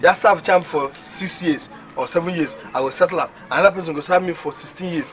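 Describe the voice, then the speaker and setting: An actor playing an excitable, boastful young village man who talks in Nigerian Pidgin English. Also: on the high side, fast talker, soft background music, close to an everyday voice. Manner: boastful, excitable, laughing often. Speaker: villager dreaming of going to the city. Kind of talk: comedy film acting. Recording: muffled film audio with faint hiss.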